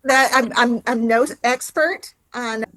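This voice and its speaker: A woman's voice: a little high, a bit bright. A woman co-hosting a podcast, upbeat and encouraging as she wraps up an interview. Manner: upbeat and encouraging, quick affirmations. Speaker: podcast co-host. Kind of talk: casual interview chat.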